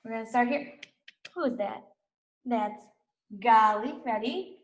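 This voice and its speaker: A young woman teaching a recorded reading lesson to small children, sounding out letters and words with steady encouragement. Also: fairly high pitch, measured pace, roomy sound.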